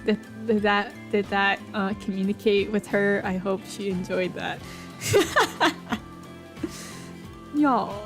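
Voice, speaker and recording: A woman's voice: medium pitch, flat delivery, normal speed, few pauses. A woman streaming, chatting casually with viewers in a rambling, playful way full of fillers and restarts. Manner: playful, giggly. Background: faint background music.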